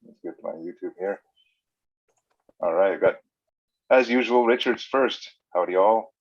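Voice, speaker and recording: A low-pitched man from Canada hosts a relaxed online chat with friends. He talks in an easygoing, halting way, full of "uh" and restarts. The audio sounds dull and lo-fi. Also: husky. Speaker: livestream host. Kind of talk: casual group chat. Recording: muffled lo-fi audio.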